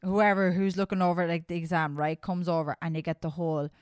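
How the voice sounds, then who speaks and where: A woman's voice: lowish voice, flat delivery, brisk, clear, resonant tone, no room sound, studio quality. A woman co-hosting a casual podcast chat, blunt and swearing as she rants. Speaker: podcast co-host.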